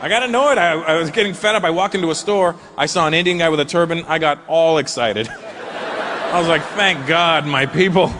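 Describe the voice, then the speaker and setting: A middle-aged man doing a stand-up comedy set in a large venue, animated and swearing freely as he mimics characters. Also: fairly high pitch, moderate pace. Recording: noisy live show with crowd ambience.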